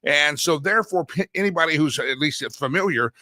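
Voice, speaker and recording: Man, middle-aged, talk host, sarcastic rant, higher voice, dry close sound. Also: a little fast, bright, forceful tone, dry recording. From Texas. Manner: sarcastic, ranting, laughs at his own jokes. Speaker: radio talk show host. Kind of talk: opinionated monologue.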